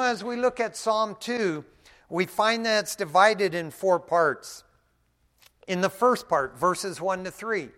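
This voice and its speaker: Male preacher, fairly high-pitched, casual and folksy, quiet one moment, loud the next. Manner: casual and folksy, often adds "man", swings from quiet to loud. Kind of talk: conversational sermon.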